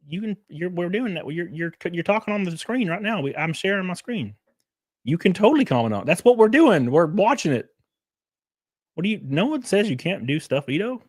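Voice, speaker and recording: A man's voice: fairly high pitch, no room sound, clean studio sound. A man from Alabama, ranting and laughing on his livestream. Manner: profane, mocking, laughing often. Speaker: streamer. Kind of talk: casual livestream rant.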